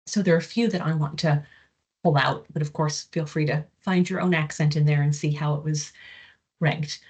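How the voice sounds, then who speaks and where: A woman with a low, husky voice delivers an academic presentation as a professor. She explains research findings in a measured, step-by-step way, with frequent filler words between points. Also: steady tone, a little mellow. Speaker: psychology professor giving a research talk.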